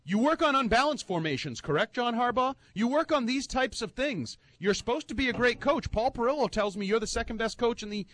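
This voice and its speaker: A man's voice: very high voice, animated, brisk, hardly any pauses, fairly bright tone. A man giving an emphatic, heated sports-talk rant as a football analyst, repeating his points for effect.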